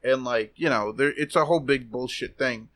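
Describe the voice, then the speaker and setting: A man's voice: medium pitch, moderate pace, a bit bright. A man co-hosting a podcast, casually telling a funny story with swearing and laughter. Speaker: podcast co-host. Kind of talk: casual chat.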